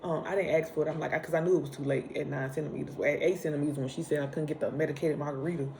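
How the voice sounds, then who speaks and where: A young woman, casually telling a personal story, animated and acting out the lines she quotes. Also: sits low, racing, gravelly, slight background noise. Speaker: vlogger.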